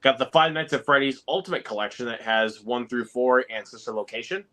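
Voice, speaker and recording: A man's voice: medium pitch, steady tone, fairly quick, a bit bright. A young man telling a story in a casual group stream, with many ums along the way.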